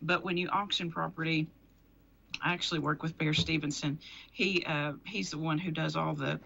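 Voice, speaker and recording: Chatty woman with a gravelly edge. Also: low-pitched, fairly even intonation, normal speed, bright, forceful tone, slight background noise. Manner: chatty, laughs often, restarts sentences. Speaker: guest, antiques dealer and auctioneer. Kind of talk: casual interview chat. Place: local TV studio.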